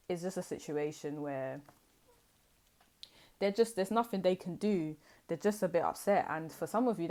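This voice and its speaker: A woman's voice: low-pitched, mellow. A young woman giving a tarot reading in a chatty, slangy, rambling way. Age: young adult. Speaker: tarot reader. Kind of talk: casual tarot reading to camera.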